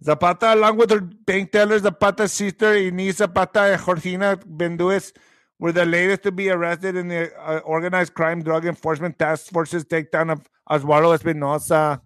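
High-voiced man reading news with wry asides. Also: flat delivery, brisk, fairly bright tone, no echo. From US–Mexico border, Texas. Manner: reads headlines aloud, then breaks into wry asides; drops in Spanish interjections. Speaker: show host reading and reacting to news. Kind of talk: casual news-reading commentary.

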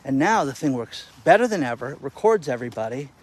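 A male content creator telling stories to camera outdoors in the wind, animated and exasperated. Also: medium pitch, a little fast, slightly rough. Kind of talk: casual vlog rant.

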